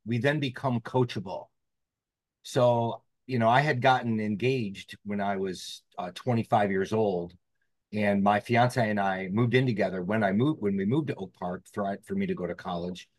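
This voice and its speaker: A man's voice: on the low side, moderate pace, no room sound. A man, a podcast guest telling a personal story in an earnest, reflective way. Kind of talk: storytelling interview.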